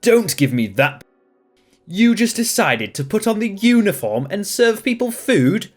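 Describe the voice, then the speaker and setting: A shrill, indignant woman customer berates restaurant staff in a storybook reading, voiced by a man raising his pitch. Her accusations swing wildly up and down as she demands someone be fired. Faint music plays behind. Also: big pitch swings, unhurried, full character voice. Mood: furious.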